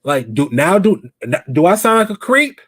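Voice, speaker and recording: A man's voice: high voice, big pitch swings, moderate pace, slightly rough, no echo, clean studio sound. A man hosting a live stream show, chatting casually and animatedly and asking his viewers questions.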